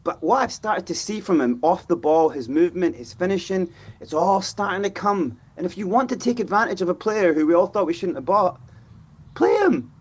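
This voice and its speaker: Animated man with a husky voice. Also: sits high, fairly quick. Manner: animated, acts out players' voices. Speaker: fan pundit. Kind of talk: football fan show discussion.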